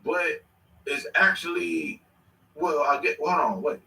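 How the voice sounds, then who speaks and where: A man's voice: a little high, steady tone, slow pace, creaky, bright, forceful tone. A man casually reacting to clips on a stream, rambling and slangy with sudden bursts of laughter. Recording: echoey room, mic at a distance.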